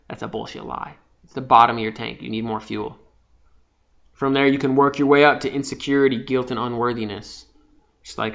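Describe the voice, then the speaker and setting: Young man, spiritual vlog monologue, profane, hushed then loud, mid pitch, dull lo-fi audio. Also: fairly even intonation, brisk, vocal fry. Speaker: vlogger. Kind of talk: impassioned spiritual monologue to camera. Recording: slightly dull lo-fi sound.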